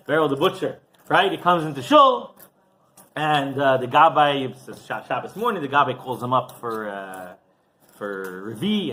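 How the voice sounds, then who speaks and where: A man, a rabbi, telling a story in a casual, animated sermon with frequent restarts and asides. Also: mid-range voice.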